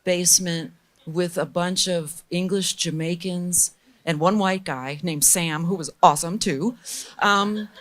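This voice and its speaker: A middle-aged woman being interviewed as a guest, telling lively, candid stories and acting out the people she quotes. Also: on the low side, measured pace. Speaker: guest recording engineer. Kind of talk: storytelling in a casual interview.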